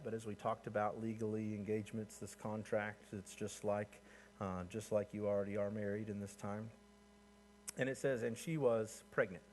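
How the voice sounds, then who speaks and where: A man preaching a sermon in a conversational, storytelling way, often asking the listeners to imagine the scene. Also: slight background noise. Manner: conversational, rising in pitch and energy as he builds points. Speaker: pastor.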